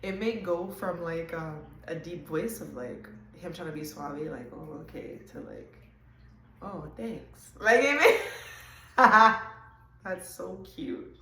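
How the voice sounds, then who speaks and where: A woman hosting a casual intuitive reading, talking straight to viewers in a chatty, animated way with quick asides. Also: fairly low pitch, echoey room. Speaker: host.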